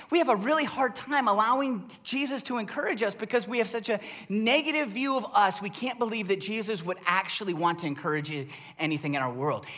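A middle-aged male pastor preaching with a notably high, bright voice. His pitch swings widely as he talks in a relaxed, conversational way, then pushes into loud, emphatic bursts. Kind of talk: sermon.

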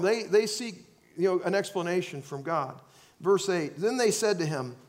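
A man preaching a sermon, swinging between loud acted-out outbursts and quiet, earnest asides. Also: high voice. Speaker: pastor.

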